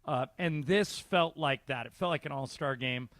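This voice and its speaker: A male play-by-play announcer chatting casually on sports talk radio, telling stories in a measured way. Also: medium pitch, a bit bright, no room sound. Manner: conversational, storytelling, measured. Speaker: basketball play-by-play announcer and show regular.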